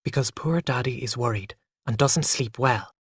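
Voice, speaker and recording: A patient young mother, as a storybook narrator puts her on, speaks softly and in a hushed voice. The sound is dry and close. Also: medium pitch, normal speed, breathy edge, no room sound, close to an everyday voice.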